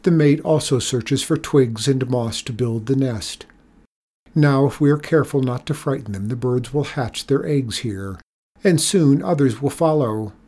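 A man with a husky voice reading the pleading lines of a serious young village teacher in a storybook. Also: mid-range voice, measured pace, mellow, lightly acted. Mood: explaining. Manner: pleading, earnest.

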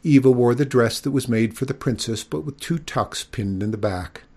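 A man reading a children's story aloud, expressive and giving each character a voice. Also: medium pitch, moderate pace, husky.

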